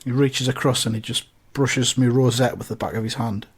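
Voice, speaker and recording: A man, a comedy podcast co-host telling a deadpan comic story. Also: mid-range voice, a little fast, breathy edge.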